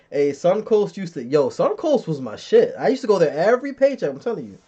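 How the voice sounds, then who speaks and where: With a high, dark, breathy voice, this podcast host in his thirties talks very animatedly and briskly, hardly pausing. He reads chat comments, tells stories, jokes, swears, and laughs a lot, all captured in dull lo-fi audio.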